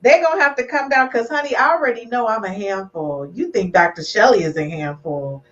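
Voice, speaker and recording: With a high-leaning, somewhat bright voice and a slightly quick pace, a woman preaches emphatically on her live relationship podcast. Her casual talk keeps circling back to "do you hear me" and "I'm gonna tell you right now," and the recording sounds far off and a bit muffled.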